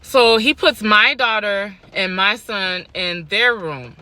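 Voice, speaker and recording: A young woman tells her own story for a vlog audience, animated and emphatic, repeating phrases to drive them home. Her voice is very bright and sharp, sitting at an ordinary pitch for a woman. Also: slow pace. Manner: animated, emphatic repeats, laughs between lines.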